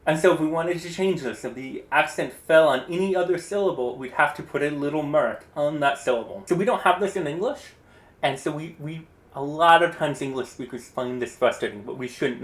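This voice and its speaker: A man giving a casual, encouraging pronunciation lesson, explaining rules in a relaxed, chatty way. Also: a little high, roomy sound. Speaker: Spanish teacher.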